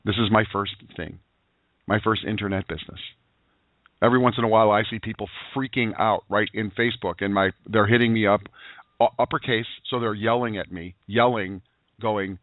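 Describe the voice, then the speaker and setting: A man hosting a daily internet radio show, talking in an energetic, preachy way full of rhetorical questions and "you know"s. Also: fairly low pitch, fairly quick, dry recording. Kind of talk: motivational call-in show talk. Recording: tinny phone-line sound, dry.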